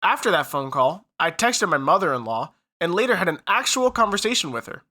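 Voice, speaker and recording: A man's voice: high voice, big pitch swings, fairly quick, pushed and bright. A man co-hosting a podcast, reading a story aloud and then chatting casually with some swearing. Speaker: podcast co-host.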